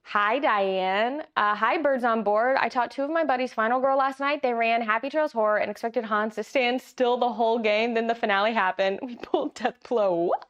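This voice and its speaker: Woman, giggly board game streamer, slightly high voice, casual chat. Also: moderate pace, few pauses, a bit bright, dull audio. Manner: chatty, giggly, talks to chat. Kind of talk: casual live playthrough chat.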